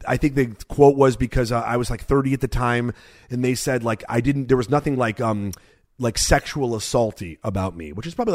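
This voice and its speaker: A man in his forties co-hosts a podcast in loose, casual chat. His voice sits at an ordinary middle pitch, and he drifts through long anecdotes, full of fillers and restarts. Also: darkish tone. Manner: rambling storyteller, lots of fillers and restarts. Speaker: podcast co-host and comedian.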